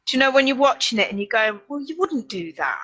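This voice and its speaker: A woman with a Northern English accent, co-hosting a casual knitting chat, quick to agree and joke. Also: on the high side, expressive, fairly bright tone, lo-fi sound. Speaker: podcast co-host.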